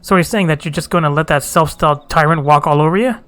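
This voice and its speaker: A man puts on a blunt, tough warrior woman from a fantasy game, scornful and loud. The delivery sits somewhat higher than his own voice, with faint music under it. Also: fast talker, lightly acted.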